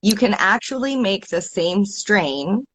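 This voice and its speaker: A woman's voice: medium pitch, animated, slow, fairly bright tone. A woman with a Canadian accent, a guest podcast host, explaining things eagerly in casual chat.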